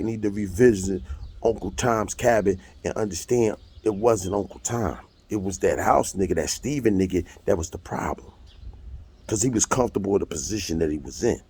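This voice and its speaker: An American man in his 50s bluntly retells a court hearing in a casual, profanity-laced monologue. His gravelly, husky voice sits on the low side and has a slightly mellow quality.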